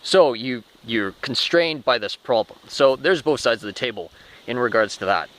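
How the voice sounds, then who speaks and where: Rambling man with a lively voice. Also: medium pitch, moderate pace, rough recording. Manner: rambling, restarts often, swears casually. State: short of breath. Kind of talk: rambling spoken monologue.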